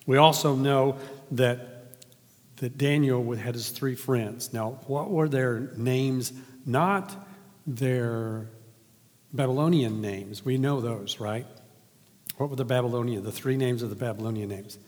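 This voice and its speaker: A man's voice: medium pitch, unhurried, darkish tone, in a large hall. A man preaching a sermon in a conversational way, asking the congregation questions and then reading from scripture. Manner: conversational, asks the audience questions.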